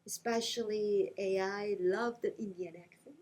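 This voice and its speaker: A woman academic explains her research in a relaxed interview, her voice sitting at an ordinary middle pitch. She talks in animated quick bursts broken by hesitations. A faint hiss runs under the recording. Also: low-quality recording. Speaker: invited lecturer being interviewed. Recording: faint background noise.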